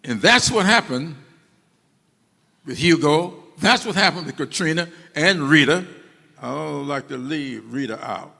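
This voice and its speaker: Slow gravelly man speaking in a hall. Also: a little high, expressive, sharp tone. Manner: emphatic, repeating key words for stress. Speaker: speaker addressing an audience. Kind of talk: public speech. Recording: long reverb of a hall.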